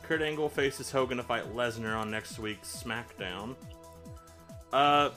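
A man's voice: mid-range voice, a little slow, bright, forceful tone, faint music behind. A man co-hosting a casual podcast, rambling through wrestling recaps with lots of fillers and acted-out quotes. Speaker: podcast co-host. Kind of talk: casual chat.

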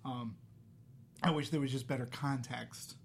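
A man hosting a casual movie review chat, talking in an animated way with sarcastic asides. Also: medium pitch, a little slow, vocal fry, a little hiss or hum. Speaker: podcast host.

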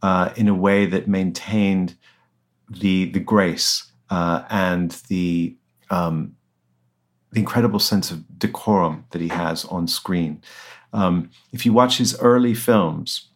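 A man's voice: deep voice, takes it slowly. A man being interviewed as an author, answering conversationally with many fillers and restarts. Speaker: author guest.

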